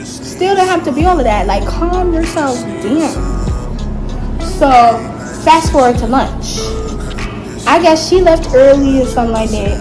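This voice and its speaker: High-voiced teen girl, animated storyteller. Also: a little slow, long pauses, over music, rough recording. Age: late teens. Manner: animated, emphatic retelling with slang and asides. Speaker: vlogger. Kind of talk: storytime narration.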